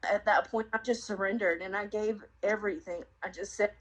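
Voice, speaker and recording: A woman's voice: medium pitch, steady tone, fairly quick, poor audio. Earnest woman telling her testimony. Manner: earnest, reflective storytelling with many fillers. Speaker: guest sharing her testimony. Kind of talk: personal testimony interview.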